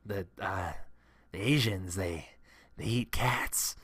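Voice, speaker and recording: A man's voice: low voice, slow pace, fairly bright tone, breathy edge, no echo, exaggerated voice. A man voicing a nasty, racist male coworker who mumbles through bared teeth. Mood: sneering.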